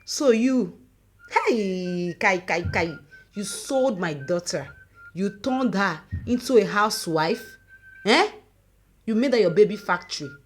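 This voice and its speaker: A woman voicing a furious, grieving middle-aged mother who shouts and scolds with sharp exclamations. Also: mid-range voice, expressive, takes it slowly, a little hiss or hum.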